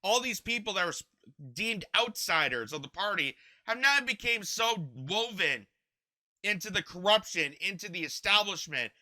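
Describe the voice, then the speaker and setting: A man's voice: sits high, expressive, normal speed, sharp tone. A young man hosting political commentary, ranting in an impassioned, indignant way and often repeating himself. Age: young adult.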